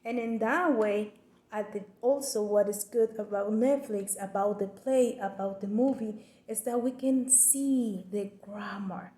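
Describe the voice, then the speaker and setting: A woman giving a class presentation, explaining with careful, deliberate phrasing and frequent restarts. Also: medium pitch, dark tone. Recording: echoey room.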